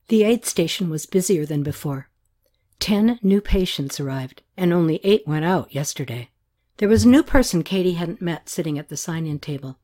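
A woman narrating a novel aloud in an even, unhurried way. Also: on the low side.

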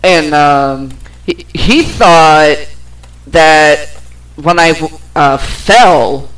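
A woman's voice: deep voice, extremely slow, low-quality recording. A woman hosting a podcast, telling a personal story in a casual, rambling way with plenty of swearing. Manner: rambling, profane, with fillers and laughs. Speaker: podcast host.

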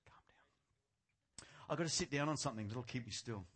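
A man preaching a sermon, passionate and theatrical, jumping from shouted points to quiet, sarcastic asides, on a mic clipped near his chin. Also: medium pitch, rapid-fire, breathy edge. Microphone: clip-on or headset mic near the chin.

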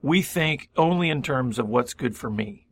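On a faith-based recovery radio talk show, a male co-host speaks at normal speed in a mid-range voice with lively intonation and no room sound. Thoughtfully, he picks up his partner's ideas and expands them, leaning on frequent "I mean"s.

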